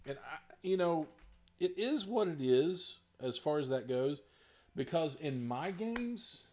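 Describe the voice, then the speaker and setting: A man's voice: a little high, unhurried, darkish tone, a little hiss or hum. A man from Southern West Virginia with a faded accent from there, a dungeon master answering questions in casual talk, rambling with many fillers and restarts.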